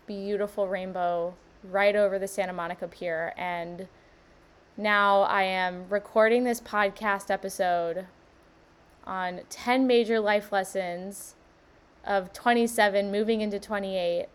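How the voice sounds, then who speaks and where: A young woman in her twenties talks through her solo podcast in a smooth, clear voice. She is bubbly and effusive and keeps gushing with wonder, while her speech stays unhurried. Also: medium pitch, fairly even intonation. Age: 20s. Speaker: podcast host. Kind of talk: casual solo podcast monologue.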